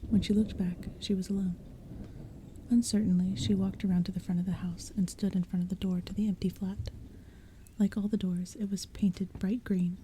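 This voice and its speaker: Whispered role-play storyteller: woman, hushed unvoiced whisper, very dark and mellow tone, faint rain underneath. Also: medium pitch, flat delivery, moderate pace, slight background noise. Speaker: ASMR audiobook reader. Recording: faint rain sounds behind. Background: soft rain and thunder.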